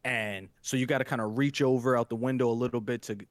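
A young man hosting a podcast, telling a crude story in a casual, profane, animated way and acting out the scene. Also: medium pitch, quick pace. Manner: animated storyteller, acts out the scene, laughs hard. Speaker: podcast host.

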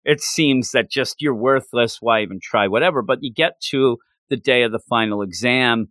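A man co-hosting a casual chat, animated and excitable, slipping into quoted voices. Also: mid-range voice, moderate pace, dry recording, studio quality. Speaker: podcast co-host.

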